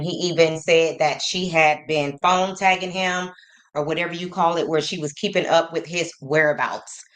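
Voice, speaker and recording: A woman hosting a casual livestream, greeting her chat by name and reading messages aloud slowly. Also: low voice, fairly bright tone. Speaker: livestream host.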